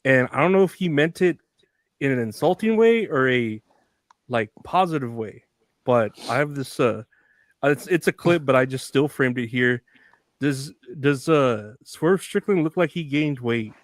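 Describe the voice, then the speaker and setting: A man's voice: mid-range voice, animated, a little slow, no echo, studio quality. A young man co-hosting a casual podcast, rambling and filling his talk with "like" while laughing easily. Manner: rambling, lots of filler likes, laughs easily. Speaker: podcast co-host. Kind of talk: casual chat.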